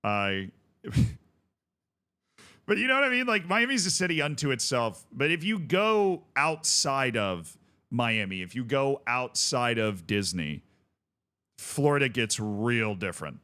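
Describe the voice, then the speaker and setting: A man's voice: mid-range voice, big pitch swings, a little slow, pushed and bright. A man streaming a game, chatting casually with viewers in rambling, jokey asides. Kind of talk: casual gaming stream chat.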